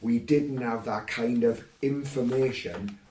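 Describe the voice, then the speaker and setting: A man's voice: mid-range voice, unhurried, a little mellow, slight background noise. A man from the UK talking through ideas in a casual podcast panel discussion. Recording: roomy, distant mic.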